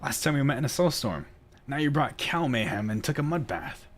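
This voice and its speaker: A man's voice: medium pitch, lively intonation, a little fast, pitched above the performer's own voice, lightly acted. A man doing a good-humored miller with a put-on accent. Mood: teasing. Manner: amused, teasing, with an attempted accent. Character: good-humored middle-aged male miller.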